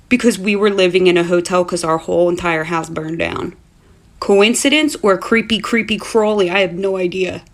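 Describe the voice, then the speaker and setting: A woman in her thirties telling a spooky story about her child in an animated, casual way. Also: fairly low pitch, normal speed. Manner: animated, swears when excited.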